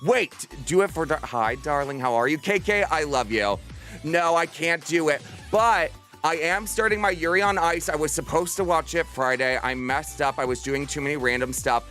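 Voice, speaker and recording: A man's voice: a little high, normal speed, a bit bright, soft background music. A man in his thirties chatting casually with viewers on a livestream, bubbly and theatrical. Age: 30s. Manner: bubbly and theatrical, bursts into playful screams.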